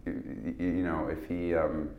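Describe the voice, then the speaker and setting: Deep-voiced man rambling in an echoey room. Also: flat delivery, narrow, tinny audio. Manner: rambling, halting storyteller with many restarts. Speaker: actor guest. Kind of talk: casual interview chat.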